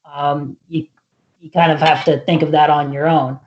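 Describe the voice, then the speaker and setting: Measured co-host on dull lo-fi audio. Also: medium pitch, little pitch movement. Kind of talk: casual political chat.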